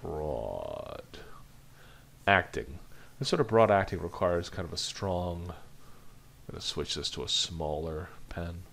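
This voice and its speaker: Low-voiced man thinking aloud while drawing. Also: lively intonation, slow pace, vocal fry, pauses often, a bit bright, slight background noise. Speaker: animation instructor. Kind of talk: live drawing demonstration lesson.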